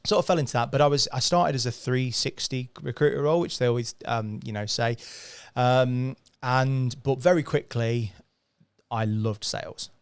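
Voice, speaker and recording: A man tells stories on a podcast in a bouncy, animated way, often breaking into laughter. His voice sits in a middle pitch and is recorded close and dry, with no room sound. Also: normal speed, clear, resonant tone, no echo. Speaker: podcast guest. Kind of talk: casual storytelling chat.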